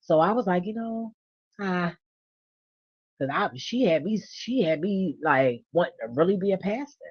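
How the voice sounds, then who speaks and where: A woman venting in a casual monologue, blunt and profane, swinging from low mutters to loud rants. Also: animated, normal speed, husky, dry recording. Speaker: vlogger. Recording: dull lo-fi dry recording.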